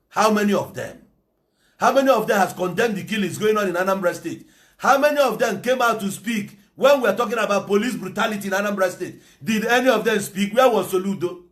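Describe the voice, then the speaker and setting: Nigerian igbo-accented man, high voice, impassioned political monologue, preachy. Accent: Nigerian Igbo English. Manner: fiery, preachy, switches into Igbo. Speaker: political commentator.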